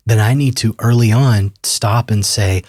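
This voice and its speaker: A man in his fifties, a therapist and author, talks as a guest on an interview podcast in a calm, measured way. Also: lowish voice, no room sound, studio quality.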